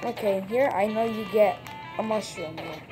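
A woman chatting casually through a video game playthrough, breaking into excited shouts and laughs at close calls. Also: medium pitch, moderate pace. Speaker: gameplay commentator. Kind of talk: casual let's-play commentary. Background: video game music.

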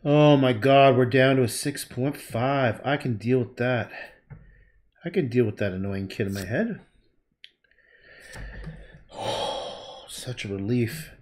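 A man's voice: mid-range voice, slow pace, long pauses, a little mellow. A man painting on a livestream, thinking aloud in a rambling way, humming and murmuring to himself between sentences.

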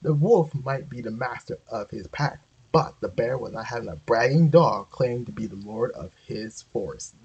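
A man's voice: medium pitch, animated, moderate pace, a little mellow, slightly rough, dull audio. A man reading a children's story aloud casually, often stumbling and correcting himself. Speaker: amateur reader.

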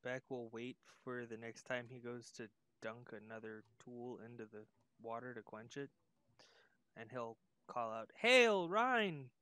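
A man playing a tabletop game, describing his character's actions in a measured way. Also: medium pitch, level tone, a bit bright, smooth, dry recording. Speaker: player. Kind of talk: tabletop role-play chat.

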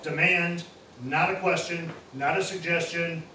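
Man, preacher, sermon, casual slang, high voice, distant roomy echo. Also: fairly even intonation, unhurried, bright, forceful tone. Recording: roomy echo, heard from a distance with faint noise.

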